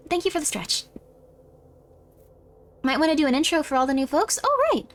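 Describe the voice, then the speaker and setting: A playful woman streamer chatting casually with her viewers during a horror game. Her voice sits high and bright in pitch, loose and chatty. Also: sing-song, normal speed, pauses often. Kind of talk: casual live-stream gameplay chat.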